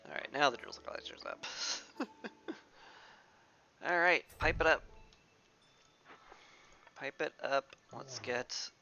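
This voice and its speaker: Wry, gravelly-voiced woman gaming streamer. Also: very deep voice, huge pitch swings, slow pace, pauses often, bright, forceful tone. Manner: wry, sarcastic self-talk. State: stuffy nose. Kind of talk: let's play commentary. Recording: slightly dull, faint music behind.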